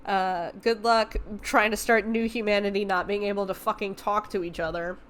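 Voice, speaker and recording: Podcast host, young woman, bright tense tone, loose swearing movie recap. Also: medium pitch, moderate pace. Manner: animated, profane retelling with filler words. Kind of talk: casual movie review recap.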